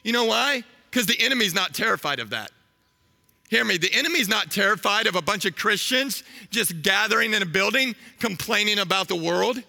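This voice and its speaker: A man in his thirties preaching a sermon, telling a story with animated energy and asking the crowd questions. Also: high voice, fairly quick, vocal fry, big-room sound.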